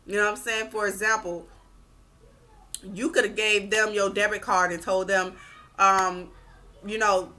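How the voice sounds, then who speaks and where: Woman vlogger, blunt emphatic advice rant, bright edgy tone, swears freely. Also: mid-range voice, unhurried, pauses often. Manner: blunt and emphatic, swears, repeats points for stress; animated, acts out quoted people. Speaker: vlogger giving relationship advice. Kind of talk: casual advice rant to camera.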